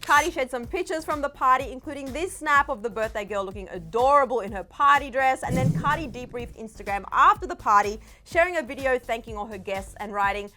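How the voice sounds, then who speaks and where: A woman's voice: high voice, expressive, a little fast, few pauses, bright, forceful tone, faint music behind. A woman hosting a daily celebrity news roundup, bubbly and chatty, with a lot of "like" in her talk. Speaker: entertainment news host.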